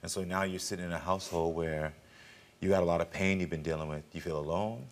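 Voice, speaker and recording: A man hosting a daytime talk show, asking probing but gentle questions. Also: deep voice, steady tone, quick pace.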